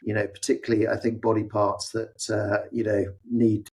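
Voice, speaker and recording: A man's voice: lowish voice, flat delivery, moderate pace, darkish tone, husky, rough recording. A man co-hosting a medical podcast, talking in a wry, meandering way and correcting himself as he goes. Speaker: podcast co-host.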